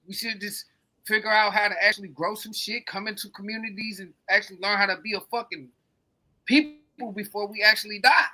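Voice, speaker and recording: A man's voice: very high-pitched, bright, forceful tone. A man co-hosting a podcast, rambling in casual, profane, emphatic chat. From coastal United States. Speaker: podcast co-host.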